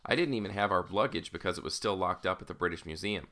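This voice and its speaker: A man's voice: sits low, quick pace, bright, forceful tone. A man narrating an audiobook in the first person, in a casual, wry storytelling manner.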